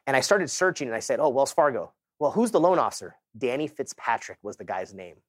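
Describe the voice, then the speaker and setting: A man's voice: mid-range voice, a little fast, no echo, clean studio sound. A man in his thirties from Southern California giving a motivational sales talk, telling his story in casual, slangy words and acting out the people in it. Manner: animated storytelling, acts out quoted people. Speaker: keynote speaker.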